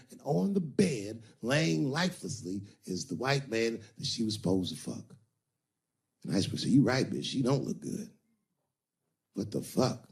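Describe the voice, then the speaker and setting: A male stand-up comic spinning a crude tale with theatrical flair. His pitch leaps and dips all over, while the voice sits in a middling register. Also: creaky. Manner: animated, profane, theatrical. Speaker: stand-up comedian. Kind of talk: stand-up comedy storytelling.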